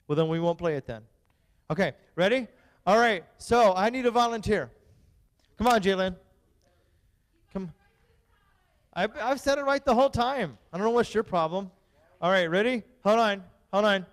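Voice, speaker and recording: Brief: high, clear-voiced man as a youth pastor, teasing and bossing the kids through a game, church hall echo. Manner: playful, teasing, bossy with the kids. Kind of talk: lively youth-group game hosting. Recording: long hall reverb.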